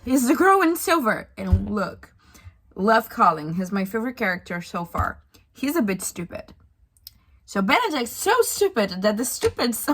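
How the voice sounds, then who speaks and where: Exasperated young woman ranting, slow-paced. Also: medium pitch, fairly bright tone, slightly rough. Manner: exasperated, ranting with frequent sighs and swearing. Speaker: book reviewer. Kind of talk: casual book-reading reaction vlog.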